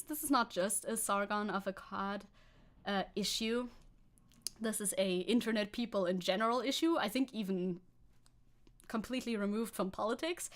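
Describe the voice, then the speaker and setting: A woman VTuber streaming live, chatting casually and sarcastically while reading and answering chat. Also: mid-range voice. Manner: sarcastic, reads chat aloud and laughs often.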